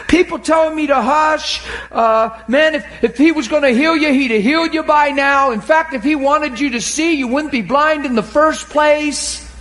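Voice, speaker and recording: A man preaching a sermon, acting out the scripture scenes and swinging from shouts to murmurs. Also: very high-pitched. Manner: animated, acts out scripture voices, laughs and cries.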